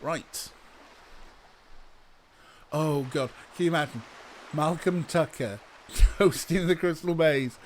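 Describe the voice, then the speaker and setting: A man's voice: on the high side, takes it slowly, long pauses, a little hiss or hum. A man chatting casually as he streams a game, swearing and laughing at his own jokes. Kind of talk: casual let's-play commentary.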